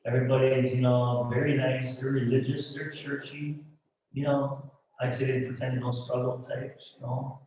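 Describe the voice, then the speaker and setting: A man preaching a sermon as pastor, impassioned, swinging from quiet asides to shouted lines. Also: mid-range voice, little pitch movement, moderate pace, slight background noise. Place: church sanctuary. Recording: echoey hall, distant mic.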